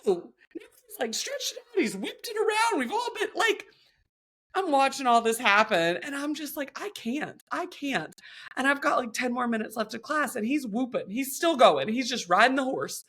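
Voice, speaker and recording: A woman's voice: high-pitched, normal speed. A young woman co-hosting a podcast, chatting casually and acting out other people's lines as she tells stories. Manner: animated storytelling, acts out others' lines. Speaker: podcast co-host. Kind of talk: casual chat.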